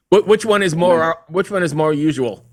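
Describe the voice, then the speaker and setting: Male host, laid-back interviewer, slightly high voice. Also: lively intonation, moderate pace. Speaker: podcast host. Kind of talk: casual interview.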